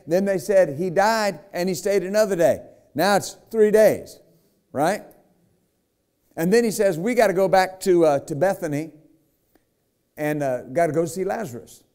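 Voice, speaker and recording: A man's voice: sits high, darkish tone. A man preaching a sermon as pastor, retelling a scripture story with acted quotes and emphatic asides to the congregation. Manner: emphatic, frequent "right?" and "amen?".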